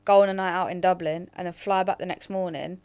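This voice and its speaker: A woman's voice: fairly low pitch, steady tone, fast talker, darkish tone, clear, resonant tone. A young woman from England co-hosting a podcast, telling rambling stories in a casual chat. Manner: chatty, rambling storyteller. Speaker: podcast co-host.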